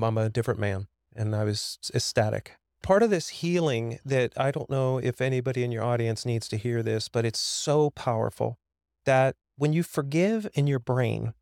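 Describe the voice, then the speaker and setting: A man's voice: mid-range voice, darkish tone, no room sound. A man in his fifties tells a personal story as a podcast guest. He is earnest and emphatic, often repeating words when he gets going. His voice sits mid-range and sounds dry and close to the mic.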